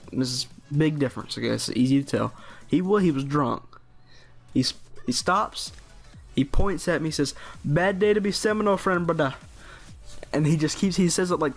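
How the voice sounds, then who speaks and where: A teenage guy tells a story to his channel, his voice sitting a bit high for a young man. He rambles, restarts his sentences and leans on fillers. Faint music runs underneath. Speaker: vlogger. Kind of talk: casual storytelling.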